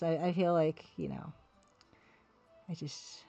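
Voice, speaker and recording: A woman's voice: lowish voice, animated, measured pace, dark tone, lo-fi sound, faint music behind. Rambling Canadian woman streaming. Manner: rambling, self-deprecating, talks to her chat. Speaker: artist streaming her work. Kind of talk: casual livestream chat while drawing.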